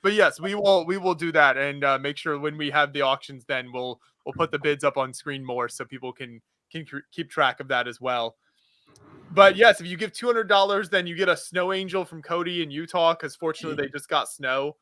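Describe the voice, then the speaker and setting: A man's voice: a little high, fairly quick, sharp tone, dry recording, studio quality. A man hosting a charity livestream, upbeat and chatty as he reads out donors and incentives. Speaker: livestream host. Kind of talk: casual livestream chat.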